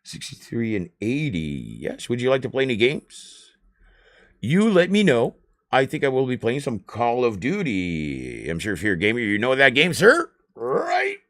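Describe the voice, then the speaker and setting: A man talks loosely on a live stream. His pitch leaps up and down as he rants, excitable and profane. He has a middling voice that is neither deep nor high. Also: normal speed. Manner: animated, excitable ranting with swearing. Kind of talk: rambling live-stream chat.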